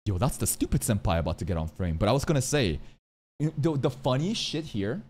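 A man streaming a casual anime reaction, animated and swearing freely, dropping into low asides between excited outbursts. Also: fairly quick.

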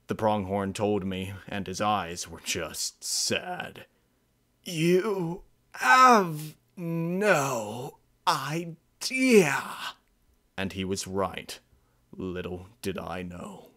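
A man narrating a dark fan-fiction story in a measured, grave storytelling manner. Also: sits low. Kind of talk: dramatic fan-fiction reading.

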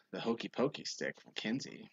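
A man's voice: moderate pace, breathy edge. A young man, a youth minister, telling a funny story in a casual livestream chat and reading viewer comments. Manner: animated storyteller, high-pitched quoted voices. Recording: dull lo-fi livestream audio.

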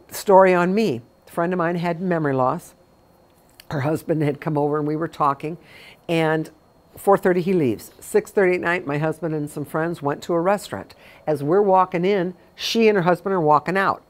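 A middle-aged woman with a low-pitched voice speaks to a small group of caregivers. She talks in a chatty, anecdotal way, acting out the dialogue in her stories. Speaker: memory care consultant. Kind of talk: talk to caregivers.

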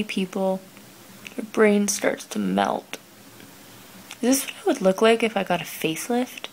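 Young woman vlogging at 2am in her bedroom, giggly and scattered, kinda breathless, fry in her voice. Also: on the high side, a little slow, long pauses, slight background noise, rough recording. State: slightly out of breath. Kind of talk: casual late-night vlog. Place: bedroom of an apartment at night.

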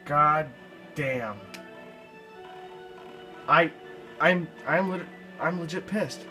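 A young man narrates his gameplay in an irritated, profanity-laced rant. His voice sits a little high for a man. Game music plays clearly underneath his commentary. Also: extremely slow, sharp tone, poor audio. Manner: frustrated, swearing often. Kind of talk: let's play commentary.

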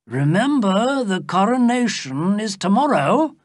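A woman's voice: a little high, very animated, slow pace, breathy edge, no echo, clean studio sound, voice pushed up, heavily acted. A woman voicing an old army captain. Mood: brisk. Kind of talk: storybook character voice.

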